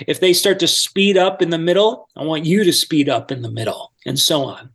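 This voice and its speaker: A man, a voice-over coach, explaining his methods step by step in a relaxed podcast interview. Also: on the high side, fairly quick, hardly any pauses.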